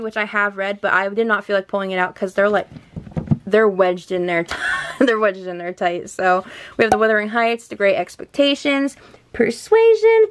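A young woman hosting a book vlog chats casually and gushingly about her shelves in a home room by a bookshelf, often breaking into laughter. Her voice is on the high side, and there's slight background noise.

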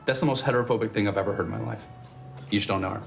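A man's voice: on the low side, rapid-fire, gravelly, faint music behind. An actor playing a defensive young man who insists he knows his girlfriend, in a film comedy scene. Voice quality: indignant, defensive.

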